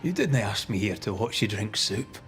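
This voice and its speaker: An actor playing a blunt, dry-witted ghost hunter in a story game. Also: male voice, on the low side, sing-song, moderate pace, fairly bright tone, faint music behind. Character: gruff male ghost hunter, blunt and wry. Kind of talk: game dialogue.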